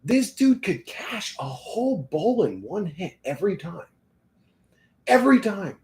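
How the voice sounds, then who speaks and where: A man's voice: high voice, big pitch swings, unhurried, darkish tone. Tired rambling man in an echoey room. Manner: tired, rambling, swears freely, laughs often. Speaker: vlogger. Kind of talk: casual rambling monologue.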